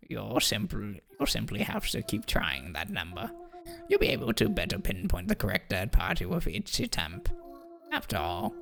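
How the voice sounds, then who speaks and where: A woman's voice: very deep voice, creaky, a bit bright, full character voice. A woman voicing a sly, pompous talking cat who drawls in a lofty, condescending way, as fan voice acting of a game.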